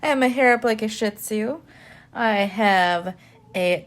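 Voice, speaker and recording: A woman's voice: fairly low pitch, fairly even intonation, moderate pace. A woman vlogger chatting casually to her viewers, rambling with lots of fillers and laughs. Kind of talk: casual chat.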